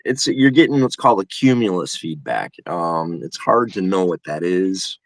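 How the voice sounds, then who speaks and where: A man's voice: low-pitched, animated, normal speed, dry recording. A man chatting casually on a live stream, rambling and laughing often. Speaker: guest co-host.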